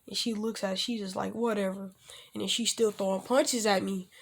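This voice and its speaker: A man's voice: high-pitched, fairly even intonation, brisk, vocal fry, a bit bright, husky. A young man casually telling a self-insert fan story, rambling with lots of restarts and loosely acting out the characters' lines. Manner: rambling, with frequent restarts and fillers like "basically" and "like".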